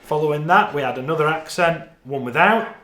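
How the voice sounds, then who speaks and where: A man's voice: on the high side, fairly quick, echoey room. A man with a Northern English accent teaching a guitar lesson, counting beats and explaining parts as he plays. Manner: talks through parts while playing, counting beats aloud.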